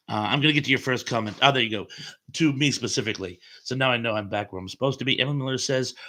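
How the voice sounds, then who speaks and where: Bright-voiced man hosting a live chat. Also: mid-range voice, animated, normal speed, pauses often. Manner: chatty and rambling, with frequent fillers and chuckles. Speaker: live stream host. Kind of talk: casual live chat, reading viewer comments aloud.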